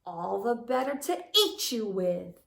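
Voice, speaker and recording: A woman voicing a sly, hungry male wolf from a fairy tale, persuasive and smooth-talking. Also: mid-range voice, lively intonation, a little slow, fairly bright tone, far from the mic, a little hiss or hum, full character voice. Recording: roomy echo.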